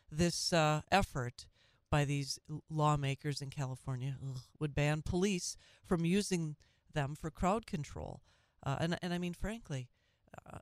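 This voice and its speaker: Talk radio host, earnest and opinionated, stammers and restarts, mid-pitched, dry close sound. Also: dry recording.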